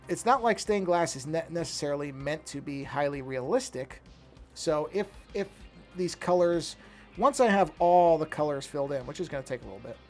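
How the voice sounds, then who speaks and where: Guy with a gravelly kinda high voice talking to himself while drawing, faint music behind. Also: a little mellow. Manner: rambling, self-correcting, apologetic about yawning. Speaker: artist streaming his drawing. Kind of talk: casual thinking-aloud commentary while drawing.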